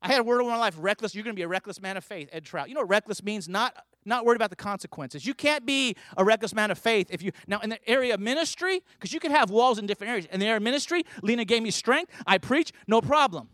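A man's voice: high-pitched, expressive, fast, hardly any pauses, fairly bright tone, no echo, clean studio sound. A man preaching a sermon, telling stories and building to fervent emphasis. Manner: storytelling, rising to fervent emphasis.

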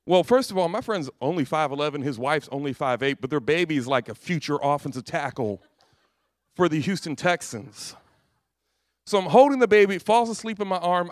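High-voiced man preaching a sermon. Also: no echo, studio quality. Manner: storytelling, acts out quoted voices, laughs at his own jokes. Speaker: pastor.

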